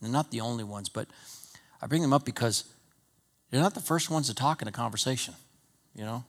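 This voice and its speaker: A man preaching a sermon in a Wyoming accent, rising to loud emphatic peaks and then dropping to low, conversational asides. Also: a little fast. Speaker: pastor.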